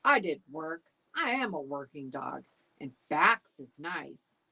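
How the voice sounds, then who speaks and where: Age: adult. Figure: woman playing a bouncy male pet dog in a storybook. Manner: lively, high, husky-edged. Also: slow pace, heavily acted, low-quality recording. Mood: eager.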